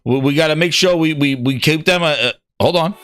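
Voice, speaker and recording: A man hosting a gaming show, ranting with constant swearing and excited repetition. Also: a little high, a little fast, over music. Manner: excitable, swears heavily, repeats himself. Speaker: podcast host. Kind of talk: profane ranting gaming commentary.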